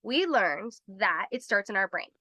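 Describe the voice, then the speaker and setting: A woman's voice: medium pitch, big pitch swings, normal speed, pushed and bright, dry recording. A woman hosting a live health webinar, explaining in a chatty way, laughing often and acting out little voices as she goes.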